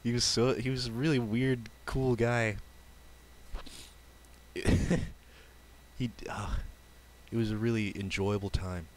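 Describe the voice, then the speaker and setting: A man's voice: medium pitch, little pitch movement. Giggly young man telling a story. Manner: giggly, halting, lots of fillers. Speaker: streamer. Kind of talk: casual storytelling on a stream.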